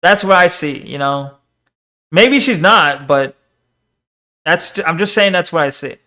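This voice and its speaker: High-voiced man rambling at his chat. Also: animated, unhurried, pushed and bright. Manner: rambling, argumentative, reads chat messages aloud and answers them. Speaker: streamer. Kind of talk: casual live-stream chat.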